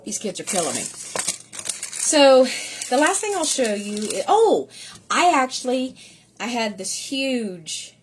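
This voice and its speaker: A woman's voice: fairly high pitch, very animated, slow, pauses often, a little hiss or hum. A middle-aged woman, a third-grade teacher, chatting casually at home in a rambling, gushing vlog. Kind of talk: casual vlog chat showing gifts.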